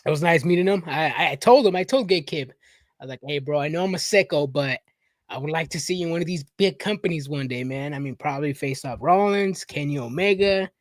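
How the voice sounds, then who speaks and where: High-voiced man, eager casual chat. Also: fast, no room sound, clean studio sound. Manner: eager, swearing, backs up his friend. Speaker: podcast co-host.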